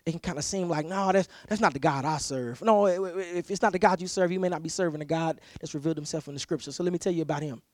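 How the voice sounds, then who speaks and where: High-voiced man preaching a storytelling sermon. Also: fast talker, few pauses, no echo, clean studio sound. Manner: animated storyteller who repeats words as he restarts; acts out quoted voices loudly. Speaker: pastor. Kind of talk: conversational sermon with personal stories.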